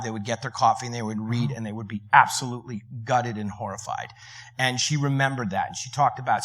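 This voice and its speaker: A man on a film panel, telling lively anecdotes with quick asides and laughs. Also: mid-range voice. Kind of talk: panel discussion storytelling.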